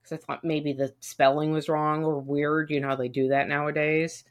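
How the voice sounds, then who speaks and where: On a podcast, a female co-host vents in casual chat, swearing a lot and acting out what people said. Her voice is low with little pitch movement, and she talks at a moderate pace.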